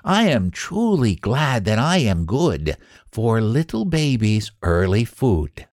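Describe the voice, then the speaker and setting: A man's voice: medium pitch, very animated, slow pace, no echo, clean studio sound. A man voicing a contented little spinach girl in a storybook rhyme.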